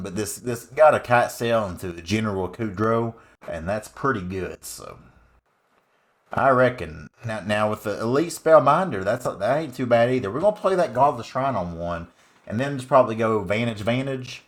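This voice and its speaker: A man voicing a loud, folksy rural Southern man with a put-on Southern US accent, drawling and hollering through gameplay commentary. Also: medium pitch, lively intonation, moderate pace, lightly acted. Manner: drawling, hollering, swearing exclamations. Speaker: card game streamer.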